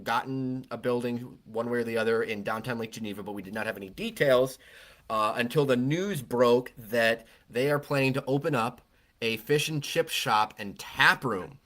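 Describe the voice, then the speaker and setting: A man co-hosting a casual beer podcast talks in a rambling, conversational way and restarts often. His mid-range voice moves at normal speed with a fairly bright tone.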